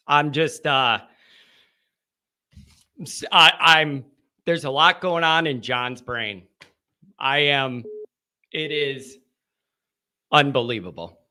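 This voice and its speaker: A man's voice: medium pitch, slow pace, long pauses, sharp tone. A man hosting a live sports talk show, exasperated and rambling, with sighs between thoughts.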